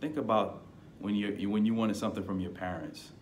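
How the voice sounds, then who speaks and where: A man's voice: lowish voice, steady tone, brisk, a little hiss or hum. A man giving an earnest, conversational devotional teaching, lifting his voice to stress key points. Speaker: preacher.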